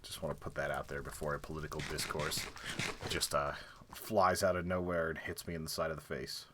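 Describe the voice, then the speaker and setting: A man's voice: rumbling low, flat delivery, brisk, background noise. A young man streaming a building game, chatting casually and jokingly, with lots of fillers, and counting blocks under his breath.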